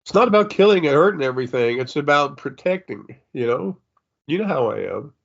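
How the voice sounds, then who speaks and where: A man's voice: a little high, expressive, a little fast, creaky, dull audio. An older man who sniffles, talking through a rambling spiritual monologue as a psychic medium, full of fillers and restarts. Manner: meandering, many fillers and restarts.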